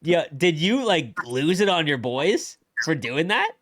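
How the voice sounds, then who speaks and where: A man's voice: fairly high pitch, big pitch swings, measured pace, a bit bright, no room sound, studio quality. A young man hosting a podcast, chatting casually and reacting with short, laid-back interjections. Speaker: podcast host. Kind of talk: casual chat.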